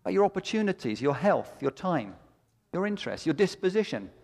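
A man's voice: high-pitched, sing-song, fairly quick, gravelly, a little mellow. A middle-aged male pastor preaching a sermon with impassioned, emphatic delivery and repeated phrases that build to peaks. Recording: long hall reverb.

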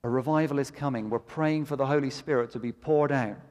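A man's voice: medium pitch, fairly quick, darkish tone. Male pastor, middle-aged, sermon, impassioned, repetitive emphatic build-ups, long echoing hall. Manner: impassioned, rising to emphatic peaks with repeated phrases.

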